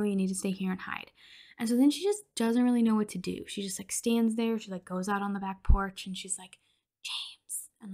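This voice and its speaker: A woman's voice: mid-range voice, a little mellow. A young woman hosting a podcast, casually recapping a horror film with lots of fillers and swearing, sometimes dropping to a whisper. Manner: chatty, swears, many fillers like "like"; drops into whispers for tense moments. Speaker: podcast host.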